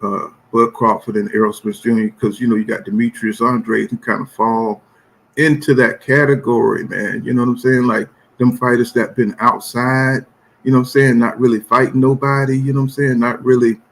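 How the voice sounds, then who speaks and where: A man talks boxing in a loose, rambling live-stream manner, leaning on "you know what I'm saying" between almost every thought. His voice sits at an ordinary middle pitch with a gravelly, fry-tinged edge. He sounds relaxed and blunt, dropping profanity freely. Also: a little fast. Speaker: boxing channel host. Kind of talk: casual live-stream commentary.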